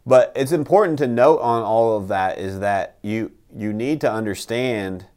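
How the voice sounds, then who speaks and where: A man's voice: on the low side, darkish tone. A man hosting a casual motivational talk, emphatic and blunt, who swears and keeps asking "right?".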